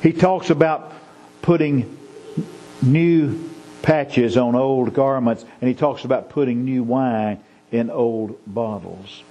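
A man's voice: mid-range voice, slow, mellow, rough recording. A male pastor delivering a sermon, folksy and storytelling, building to emphatic preaching.

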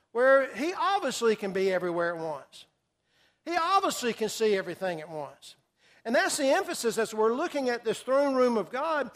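A man teaching a Bible study, putting questions to his class, repeating their answers and stressing key words over and over. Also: very high voice. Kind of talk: interactive Bible study lesson.

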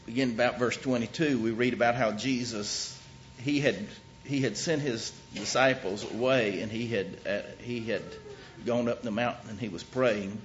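A man preaching a sermon, telling the story with sudden swings between loud and hushed. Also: mid-range voice, steady tone, normal speed, slight background noise. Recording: dull lo-fi recording.

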